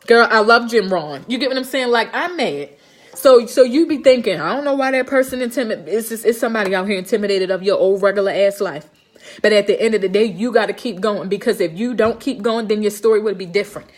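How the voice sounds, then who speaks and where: A woman speaks to her live-stream audience in a blunt, motivational way. She is emphatic and profane and keeps checking that her listeners understand her. Her voice sits at a middle pitch. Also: quick pace. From Baltimore, Maryland. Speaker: live streamer and home health nurse.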